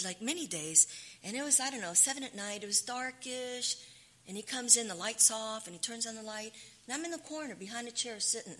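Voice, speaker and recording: A woman's voice: on the high side, sharp tone. A woman sharing her recovery story at a meeting, candid and emotional, often restarting her sentences.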